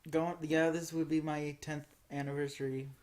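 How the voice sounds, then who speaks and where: A man's voice: a little high, flat delivery, moderate pace, darkish tone. A young man as a podcast guest, easygoing and short in his replies. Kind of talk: casual chat.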